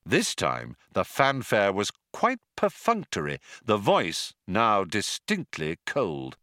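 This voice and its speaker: A man narrating an audiobook in a dry, measured storytelling style. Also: lowish voice, wildly swooping pitch, sharp tone, no echo. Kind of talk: scripted narration.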